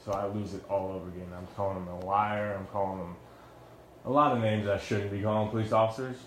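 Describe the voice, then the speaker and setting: A man's voice: fairly low pitch, steady tone, quick pace, a bit bright, roomy sound, a little hiss or hum. A young man, a former Marine, telling the story of his own arrest in a heated, blunt way, with swearing and many restarts. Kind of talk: heated first-person account.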